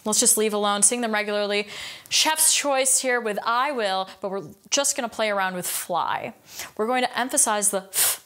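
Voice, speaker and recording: A young adult woman coaching singing explains a point, then sings it to demonstrate how it should sound. Her mid-range voice is fairly bright, and she speaks at a moderate pace.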